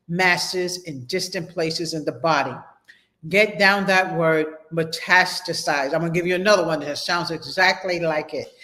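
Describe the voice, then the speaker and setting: A man's voice: a little high, pushed and bright. A man teaching a medical terminology class, reading from the textbook, then stopping to repeat and spell out key terms for his students in a chatty way. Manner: chatty, addresses students directly with "y'all". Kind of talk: casual online class lecture.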